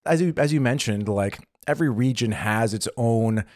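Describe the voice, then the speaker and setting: A man's voice: medium pitch, normal speed. A man co-hosting a casual podcast, rambling with lots of fillers and restarts. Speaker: podcast co-host. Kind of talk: casual chat. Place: living in Germany.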